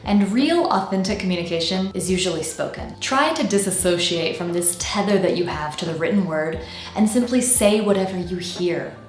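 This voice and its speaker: A woman with a General American accent gives a scripted pronunciation lesson, speaking clearly and slowing down to model each word. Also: fairly low pitch, lively intonation, echoey room. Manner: clear, deliberate, slows down to model words. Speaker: pronunciation teacher.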